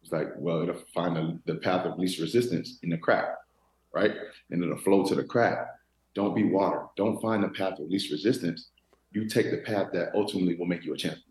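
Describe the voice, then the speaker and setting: A man in his thirties, a former football player from Florida, telling stories in a relaxed interview with many restarts. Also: low-pitched, a little fast, reverberant, poor audio. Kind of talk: casual interview talk.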